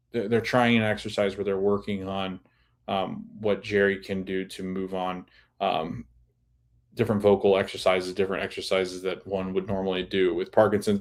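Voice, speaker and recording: A man hosting a podcast, casually recapping a TV episode in a chatty way and laughing often as he retells scenes. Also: sits low. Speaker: podcast host.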